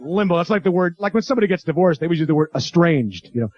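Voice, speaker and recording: An animated stand-up comedian with a voice on the high side performs on a comedy club stage before a live audience, doing quick character voices and crowd work. The recording is a dull, lo-fi 1980s club tape.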